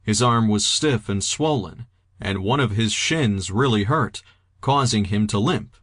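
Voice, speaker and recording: A man reading a novel aloud in a steady, even audiobook narration. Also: on the low side, a little slow, no echo, studio quality. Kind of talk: scripted narration.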